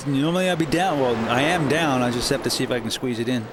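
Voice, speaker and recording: A man's voice: mid-range voice, quick pace, background noise. A man streaming a racing game, chatting casually with viewers and rambling with restarts.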